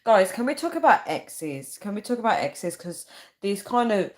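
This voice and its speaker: A woman's voice: medium pitch, big pitch swings, moderate pace, darkish tone. A young woman chatting casually on a live stream, rambling and reading viewer comments aloud. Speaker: livestreamer.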